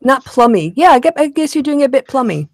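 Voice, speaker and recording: A woman's voice: high-pitched, sing-song, brisk, darkish tone, dry recording. A woman hosting a casual chat on a video call, dry-witted, amused and analytical. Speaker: host.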